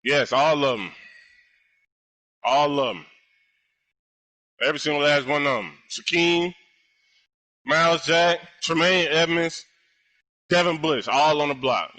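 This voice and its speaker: A young man giving live commentary on his own gameplay, loud and full of profane trash talk. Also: on the high side, slow, long pauses. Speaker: gamer.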